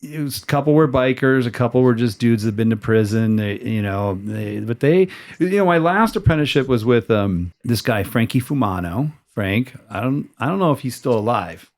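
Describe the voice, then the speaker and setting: An American man hosts a casual interview near a San Diego tattoo shop, his medium-pitched, darkish voice lively in intonation. He keeps a moderate pace with few pauses, rambling loosely, restarting often, and cursing now and then.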